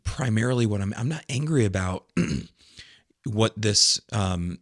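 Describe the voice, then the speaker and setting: A man, a pastor, talking in a casual podcast discussion with earnest, animated emphasis. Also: lowish voice, slow pace, no echo, studio quality.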